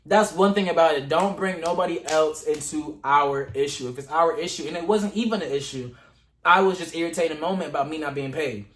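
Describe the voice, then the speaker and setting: Animated young man telling a story in an echoey room. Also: a little high, fairly quick. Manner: animated, dramatic retelling with slang and asides to viewers. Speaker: vlogger. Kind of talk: casual storytime to camera.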